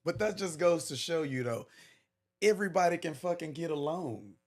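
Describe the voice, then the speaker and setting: A man chimes into a casual podcast chat. His voice sits high for a man and moves lively up and down. He keeps a relaxed, easygoing tone throughout. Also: normal speed. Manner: laid-back, conciliatory. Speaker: podcast co-host.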